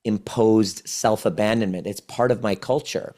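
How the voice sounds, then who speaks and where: A man in his forties, a trauma healing coach, appears as a podcast guest and explains things earnestly, often restarting his phrases. His voice is lowish and somewhat dark in tone, and he talks at a normal speed.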